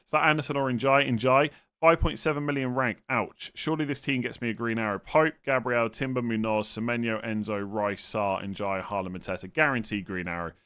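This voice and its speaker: A man's voice: mid-range voice, fairly even intonation, a little fast, fairly bright tone, clean tone. A man chatting casually on a live stream, thinking aloud and answering viewers' questions, often hesitant and now and then exasperated. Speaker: fantasy football streamer answering chat.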